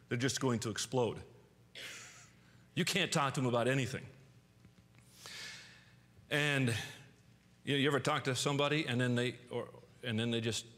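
A man preaching a sermon in a church, animated, acting out angry outbursts and often restarting his words. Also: medium pitch. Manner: animated, acts out angry quotes with sudden loud outbursts; frequent restarts and repeated words. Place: church sanctuary. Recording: long church reverb.

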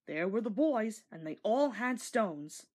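Breathy woman reading a storybook aloud. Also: medium pitch, measured pace. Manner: expressive, gentle storytelling. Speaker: storybook narrator. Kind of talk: storybook read-along.

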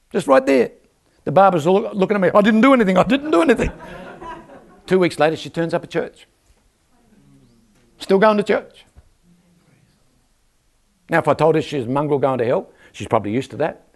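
A man's voice: on the high side, very animated, normal speed, gravelly, pauses often, a little mellow. A man preaching a sermon in a church, telling stories and asking the crowd for an amen. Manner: storytelling with rhetorical questions and calls for amen.

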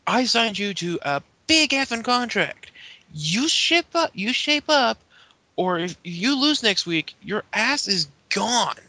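A stern, scolding wrestling boss , as a man puts him on in a raised, high voice with a gravelly, bright edge. He lays down the law in a podcast bit. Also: sing-song, slow pace, dry recording, full character voice. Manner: scolding, ultimatum-giving. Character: stern middle-aged male wrestling authority figure.

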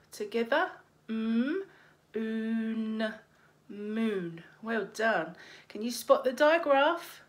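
A woman teacher leading a phonics lesson for young children, slowly sounding out letters and praising them. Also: on the high side. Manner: slow, encouraging, sounds out letters.

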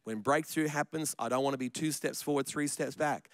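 A man's voice: mid-range voice, brisk, clear, resonant tone, dry recording. A man preaching a sermon in church, chatty and joking, often repeating his words. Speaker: pastor.

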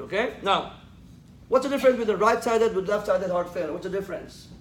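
A man's voice: high-pitched, lively intonation, fairly quick. A man lecturing a class, quizzing students with questions and joking as he teaches. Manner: joking, laughs at his own jokes. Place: lecture room. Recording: echoey classroom with faint noise.

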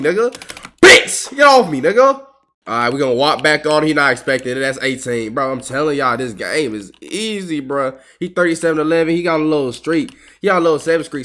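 Young male streamer, casual game commentary, profane trash talker, bright edgy voice, fairly high. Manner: profane trash talk, talking to opponents; animated, quick bursts of excitement. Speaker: gaming streamer.

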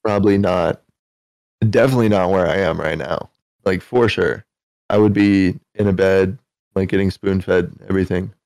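An American man with a low voice, speaking as a guest in a podcast chat. He talks calmly and plainly and slips in dry jokes. His voice sounds close and dry, with no room around it. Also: normal speed, no room sound. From United States. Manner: calm, matter-of-fact, dry humor. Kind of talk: casual chat.

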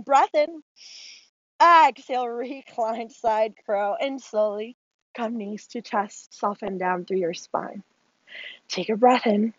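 A woman with a high voice leads a yoga class, giving calm, steady cues between breaths. The sound is dry and slightly dull. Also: no room sound. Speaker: yoga instructor. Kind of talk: guided yoga class instruction.

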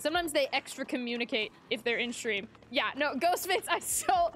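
High-voiced chatty young woman streamer. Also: expressive, moderate pace, hardly any pauses, fairly bright tone, a little hiss or hum. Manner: chatty, giggly, reads and greets chat. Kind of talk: casual live-stream chat while gaming.

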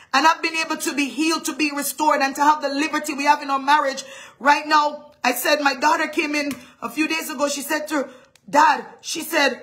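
A woman's voice: high-pitched, little pitch movement, a little fast, pushed and bright. A middle-aged woman pastor delivering a live-streamed sermon in an emphatic, dramatic manner.

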